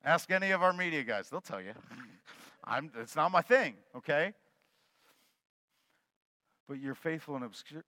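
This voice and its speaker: Male pastor, sermon, chatty and joking, slightly high, very bright tone. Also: no echo. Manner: conversational and joking, swinging between loud and soft.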